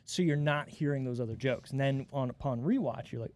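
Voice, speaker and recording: A young man co-hosting a podcast in casual chat, quick to joke and act out lines. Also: mid-range voice, darkish tone, slight background noise. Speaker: podcast co-host.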